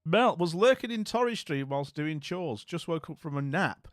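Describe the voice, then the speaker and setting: A man's voice: a little high, lively intonation, normal speed, no echo, studio quality. A man chatting with his stream viewers, friendly and rambling, with lots of fillers and restarts. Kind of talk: casual chat.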